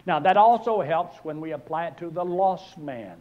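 Animated preacher man, muffled lo-fi tape. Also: fairly high pitch, normal speed. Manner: animated, rhetorical questions, swings loud for scripture. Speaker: pastor. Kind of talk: sermon.

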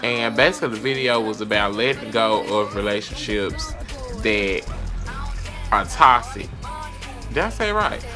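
A man's voice: fairly low pitch, animated, normal speed, over music. A young man with a Southern US accent, giving a brash, profane, sassy advice rant as a vlogger. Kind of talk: casual advice rant to camera.

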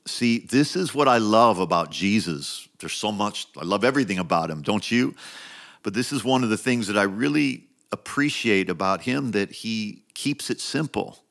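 Male pastor, low voice, conversational sermon delivery with emphatic repetition. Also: expressive, normal speed, creaky, fairly bright tone. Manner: emphatic, repeats phrases, rises in pitch when stressing a point; conversational preaching with frequent restarts and asides.

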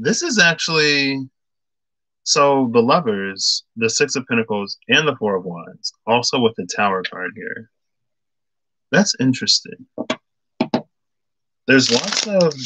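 A man's voice: lowish voice, a bit bright, poor audio. A man giving a casual tarot reading to viewers, thinking aloud with many fillers and stopping to greet commenters by name. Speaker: tarot reader.

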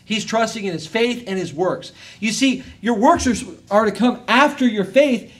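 An American man preaching a sermon as pastor, emphatic, swinging between loud and quiet, and reading scripture in a measured cadence. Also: sits high. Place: church service.

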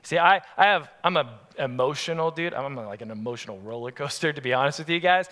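A man preaching a sermon as pastor, telling family stories in an animated, lively way. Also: medium pitch, fast. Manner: animated, acts out family scenes. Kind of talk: storytelling sermon. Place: church sanctuary. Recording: long church-hall reverb.

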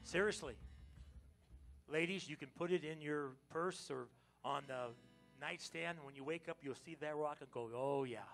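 An American man preaches in a church sanctuary, animated and playful with his congregation. His voice sits fairly high and has a gravelly edge. Quiet guitar plays behind him. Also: moderate pace. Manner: animated, joking with the congregation, sudden loud exclamations. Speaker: pastor. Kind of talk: lively Palm Sunday sermon.

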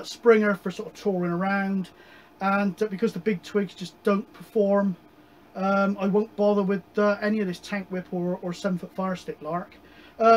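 A man casually chatting about his radio hobby, rambling with many pauses and digressions. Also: high voice, a little hiss or hum, rough recording. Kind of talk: casual chat.

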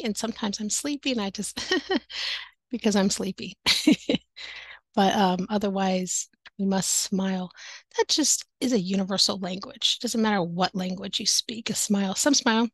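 With no echo and a mid-range voice at normal speed, a woman shares informal teaching tips with colleagues online. She wears a headset with headphones and comes across upbeat and chatty, laughing frequently.

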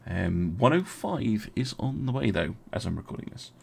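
A young man streaming a strategy game, talking his choices through out loud and replying to his chat. His low voice has a gravelly edge. His pitch swings up and down a lot as he chats, full of ums and uhs. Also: very animated, moderate pace. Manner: chatty, thinking aloud, talking to chat with many fillers. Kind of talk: casual live-stream gameplay commentary.

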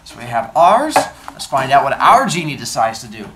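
A man's voice: mid-range voice, sing-song, moderate pace, heavy background noise. A man reading a story aloud to a group, adding playful asides that explain words, heard from a distant mic in a roomy space. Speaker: storyteller host.

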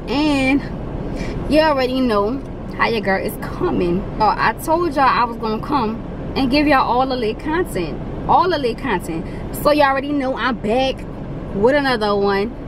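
A woman's voice: sits high, lively intonation, moderate pace, noisy background. Chatty young woman vlogger. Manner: chatty, rambling, slangy. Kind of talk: casual mukbang vlog chat.

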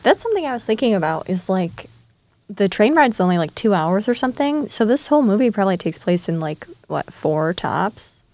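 A woman co-hosting a podcast about horror films, chatting casually and briskly summarizing the story. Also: medium pitch, sing-song, a little mellow, no echo. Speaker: podcast co-host. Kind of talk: casual chat.

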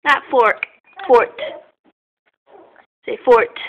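A woman's voice: sits high, expressive, measured pace, muffled recording. A woman filming at home and talking to her small children in a coaxing, sing-song baby-talk voice. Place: family home. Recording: noisy home video.

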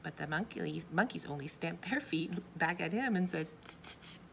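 A woman reading a picture book aloud to children, expressive and asking her young listeners questions. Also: fairly low pitch, normal speed, vocal fry, noisy background. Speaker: children's story reader.

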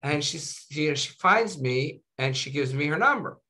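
A doctor appearing as a guest in an informal interview talks at a moderate pace, his voice on the high side. He narrates with animation, often adding "right?" or "you know."

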